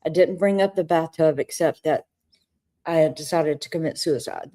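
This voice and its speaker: Woman, low pitch, mellow tone, candid personal story, conversational co-host. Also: moderate pace. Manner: candid, confessional, emotional.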